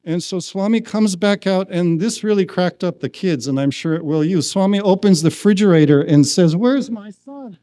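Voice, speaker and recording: A man speaking at a spiritual retreat, telling a personal story slowly and acting out the quoted lines. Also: sits high, warm tone, no echo. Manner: slow, acts out quoted lines. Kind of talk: storytelling talk. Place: retreat hall.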